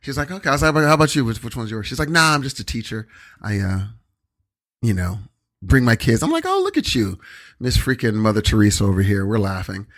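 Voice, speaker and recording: A man's voice: fairly low pitch, fast talker, a bit bright. A young man co-hosting a podcast, telling rambling stories in casual chat with lots of fillers and quoted dialogue. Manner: rambling anecdotes with many fillers and quoted voices. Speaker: podcast co-host.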